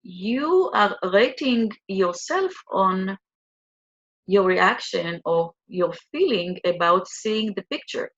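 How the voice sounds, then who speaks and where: Slow, soothing woman guiding a tapping exercise. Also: medium pitch, expressive, dull audio. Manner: slow, soothing, repetitive guidance. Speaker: EFT tapping coach.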